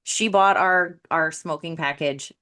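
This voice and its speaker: A woman who works as an addictions coach, telling a client story in casual podcast talk and acting out the dialogue with lively energy. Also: low voice, measured pace. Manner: animated, acts out quoted dialogue.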